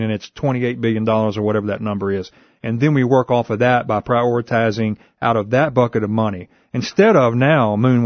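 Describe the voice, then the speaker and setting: A man speaks as a talk radio guest, laying out his points in a calm, measured, explanatory way. His voice sits at an ordinary male pitch. The sound is dry and close, with the dull lo-fi quality of a radio broadcast. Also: no room sound. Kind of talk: policy discussion on talk radio.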